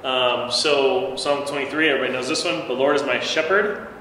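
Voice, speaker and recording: A man's voice: medium pitch, fairly even intonation, fairly quick, sharp tone. A man teaching a Bible class in a loose, conversational way, with many fillers and restarts. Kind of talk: casual church class teaching. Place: church room. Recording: very echoey long-reverb room with faint noise.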